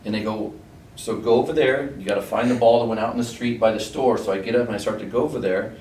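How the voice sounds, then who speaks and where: A middle-aged man who used to be an athlete races through casual, rambling stories of his school days in a low voice, full of fillers and quoted exchanges. The distant, roomy recording carries faint background noise.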